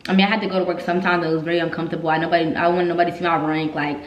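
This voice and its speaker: A woman recounts her own story in a candid, heartfelt rush. Her voice sits on the low side and the room around her rings with echo. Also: flat delivery, very fast, highs cut off. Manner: emotional, candid, repeats herself when upset. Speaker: vlogger telling her army story. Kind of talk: casual storytelling vlog. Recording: echoey room.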